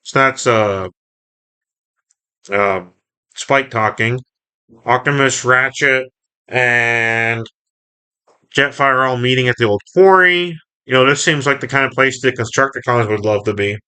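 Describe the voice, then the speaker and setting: A man's voice: mid-range voice, measured pace, long pauses, pushed and bright, smooth. A man casually reading and reviewing a comic book, recapping the story in a rambling, self-correcting way.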